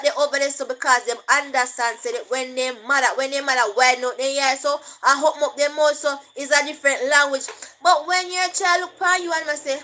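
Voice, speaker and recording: A Jamaican woman talks in a loose, chatty monologue. Her voice sits high and sounds bright and clear. She drifts between plain English and patois and laughs as she goes. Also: a little fast, a little hiss or hum, rough recording. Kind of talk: casual monologue.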